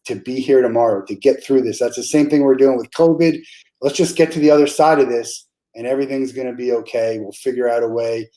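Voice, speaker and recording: A male podcast host with a warm, mellow tone. He talks in a relaxed, casual way and stumbles over restarts and fillers as he thinks aloud. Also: medium pitch, low-quality recording. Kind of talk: casual interview chat.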